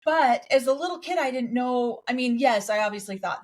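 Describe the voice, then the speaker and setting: A woman co-hosting a podcast, chatting casually and telling lively stories, acting out what other people said. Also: on the high side, moderate pace. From raised in a polygamous community in the United States. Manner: animated storytelling, acts out quotes. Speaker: podcast co-host. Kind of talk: casual chat.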